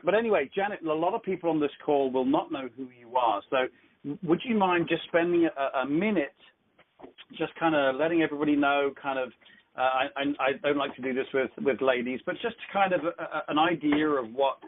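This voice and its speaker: A man's voice: mid-range voice, a little hiss or hum. A man hosting a business training conference call, joking and coaching in an upbeat way. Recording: tinny phone line.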